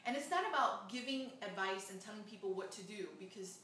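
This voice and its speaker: A woman's voice: medium pitch, brisk, sharp tone. A woman hosting a casual spiritual interview, encouraging her guest and often repeating her words. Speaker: host. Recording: very echoey room, mic at a distance, faint noise.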